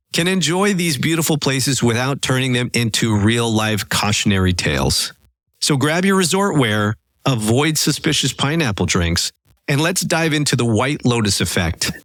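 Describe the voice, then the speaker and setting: A man hosting a travel podcast in a playful, animated scripted style. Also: medium pitch, dry recording, studio quality. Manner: playful, animated, pop-culture banter. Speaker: podcast host. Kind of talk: upbeat scripted podcast talk.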